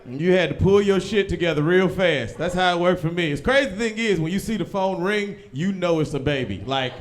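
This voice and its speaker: A young man doing a stand-up comedy set in a small live venue, loud and profane, often shouting as he acts out people in his stories. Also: sits high, a little fast. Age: young adult. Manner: loud, animated, profane, swings into shouting impressions.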